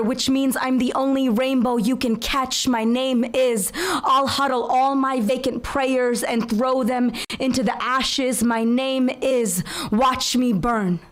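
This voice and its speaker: A woman in her twenties performing spoken word poetry at an open mic, with a slow, measured, rhythmic delivery. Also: on the high side. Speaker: featured poet. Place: open mic venue with audience.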